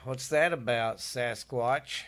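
A man's voice: medium pitch, takes it slowly, a bit bright. A middle-aged man co-hosting a ghost story podcast, joking around in crude, playful casual chat. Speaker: podcast co-host.

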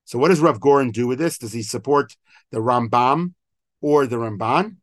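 A man's voice: mid-range voice, moderate pace, dry recording, clean studio sound. A middle-aged man, a rabbi, teaching an online class, explaining and quoting old texts with frequent fillers. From Israel. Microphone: video call microphone.

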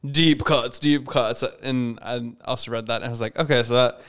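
A man with a clear, resonant, mid-range voice and fairly bright tone co-hosts a podcast, chatting casually at normal speed. His intonation stays fairly even as he rambles, corrects himself and laughs often.

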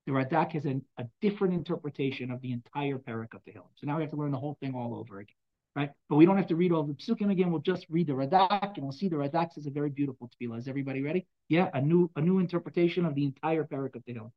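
A man teaching a Torah text study class. He reads Hebrew verses aloud, explains them in English, repeats himself and keeps checking in with his students. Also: fairly high pitch. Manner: fast, repetitive, checks in with students. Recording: dull lo-fi sound.

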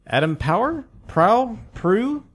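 A man's voice: sits high, big pitch swings, slow, very noisy. A man hosting a podcast in casual banter, teasing his co-hosts and reading out listener mail. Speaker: podcast host.

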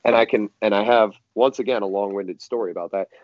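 A man telling a long story as a podcast guest, rambling and animated, with many restarts and fillers. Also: fairly low pitch, fast, dry recording, dull audio. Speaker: musician guest.

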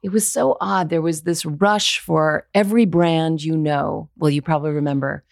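A woman's voice: low voice, fairly even intonation, normal speed, gravelly, no echo, studio quality. A woman voiceover actor, a guest on a podcast, talking in a candid, earnest way as she thinks aloud. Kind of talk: casual interview chat.

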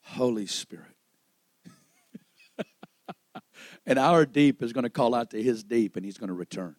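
A man preaching a sermon to a church service, swinging between loud, raised peaks and hushed, low lines and acting out the voices of the people in his story. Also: animated, normal speed, dry recording, poor audio. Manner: acts out quoted voices in storytelling.

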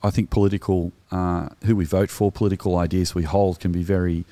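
On a relaxed podcast, this Australian co-host in middle age talks in a thoughtful, sincere way, often hesitating. His low, mellow voice keeps a level tone at a fairly quick pace, with no room sound.

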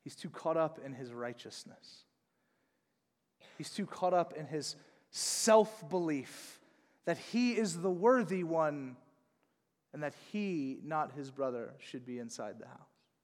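A high-pitched male pastor delivers an emphatic sermon, dropping to a hush and then rising loud again. His voice rings out in a hall with a long, lingering reverb. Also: expressive, takes it slowly. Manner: emphatic, swings between soft and loud.

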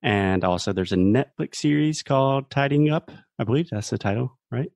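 A man's voice: mid-range voice, normal speed, vocal fry, darkish tone, no room sound. A man, co-hosting a casual podcast chat and patiently explaining English pronunciation. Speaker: co-host teaching English.

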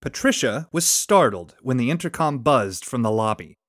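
A man narrating a short story aloud from his home, expressive and lively in his delivery. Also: medium pitch, normal speed. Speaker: story reader and podcast engineer. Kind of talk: scripted narration.

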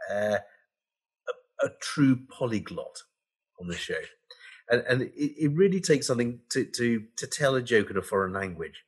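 A man hosting a podcast, jokey and quick to laugh. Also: mid-range voice, breathy edge. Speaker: podcast host. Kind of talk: casual podcast chat.

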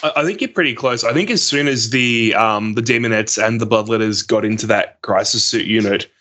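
Bright-voiced man chatting casually, Australian accent. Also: on the low side, fairly quick. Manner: relaxed, hedging, many "like" and "um" fillers. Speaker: guest player. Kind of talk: casual podcast chat.

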